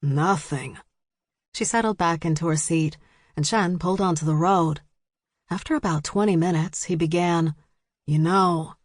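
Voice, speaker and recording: Woman, audiobook narrator, fairly low voice, dry close studio sound. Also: normal speed, a little mellow, no room sound. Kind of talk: scripted narration.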